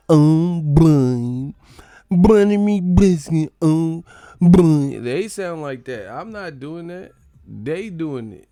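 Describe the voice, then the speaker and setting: Gravelly-voiced man, loose profane banter. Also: dry recording. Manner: profane, joking, mocking chat in silly high voices. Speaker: live stream host. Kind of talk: casual live-stream chat reading comments.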